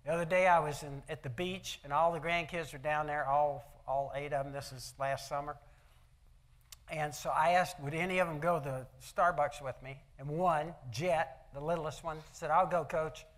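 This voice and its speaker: A man's voice: on the high side, steady tone, moderate pace, fairly bright tone. An older man giving a motivational talk at an event, telling folksy personal stories and asking the audience rhetorical questions. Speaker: speaker at an event. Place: event hall.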